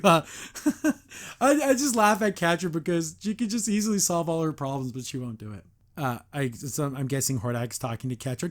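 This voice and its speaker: A man hosting a podcast, reviewing a cartoon episode in a casual, animated, digressive way with mock exasperation. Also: a little high, brisk. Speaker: podcast host.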